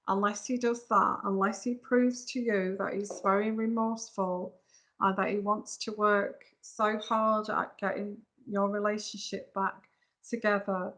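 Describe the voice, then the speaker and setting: A woman's voice: medium pitch, fairly bright tone. A woman reading tarot on a live stream, giving frank, emphatic advice straight to viewers over a phone. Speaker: tarot reader.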